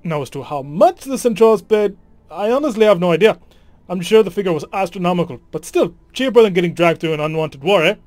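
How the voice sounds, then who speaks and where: A man's voice: high-pitched, animated, fast, darkish tone, no echo. A man voicing a chatty, proud female ship engineer in a game, putting on an accent that he admits he cannot do. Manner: attempted accent, awkward.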